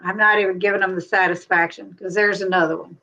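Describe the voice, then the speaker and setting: A woman from the American Midwest hosting a casual live stream chat, talking in quick asides and laughing often. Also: fairly low pitch, little pitch movement, creaky, pushed and bright, highs cut off. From Cincinnati, USA.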